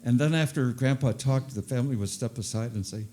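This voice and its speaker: An older man working a stand-up set in an ordinary mid-range voice. He mocks himself with easy, unhurried timing and says his punchlines twice. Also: medium pitch, dark tone, a little hiss or hum. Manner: self-deprecating, with repeated punchlines. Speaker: stand-up comedian. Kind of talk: stand-up comedy routine.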